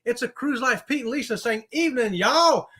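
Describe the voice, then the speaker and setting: A man's voice: very high-pitched, animated, moderate pace, bright, forceful tone, slight background noise. A man co-hosting a live chat, joking and greeting viewers by name. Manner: playful, jokey, laughs often, greets viewers by name. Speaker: livestream co-host.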